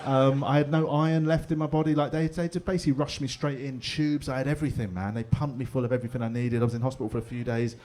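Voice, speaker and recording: Stand-up comic, man, forties, animated storyteller, middle-pitched voice, pub gig. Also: fast, hardly any pauses, a little hiss or hum. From England. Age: 40s. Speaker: stand-up comedian. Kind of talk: stand-up comedy set. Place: pub comedy room with live audience.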